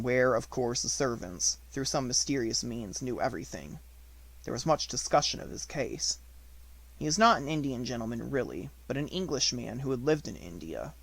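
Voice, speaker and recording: A man reading a classic novel aloud as an audiobook narrator, in a steady, even storytelling voice. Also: mid-range voice, creaky, low-quality recording.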